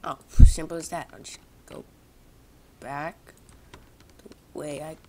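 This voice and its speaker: A woman's voice: low voice, steady tone, slow pace, dark tone. A young woman casually chatting over a video game, rambling and poking fun at herself. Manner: rambling, self-mocking, talks to viewers. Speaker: gaming vlogger. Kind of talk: casual gameplay commentary. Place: home, indoors.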